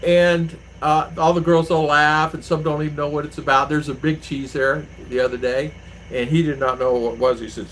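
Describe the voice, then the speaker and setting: A man's voice: mid-range voice, flat delivery, a little fast, a bit bright, poor audio. Guy chatting away on his vlog, lots of uh and you know, faint air con hum behind him. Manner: rambling, anecdotal, with many fillers. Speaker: vlogger, channel host. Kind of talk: casual chat to viewers. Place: home in the Philippines.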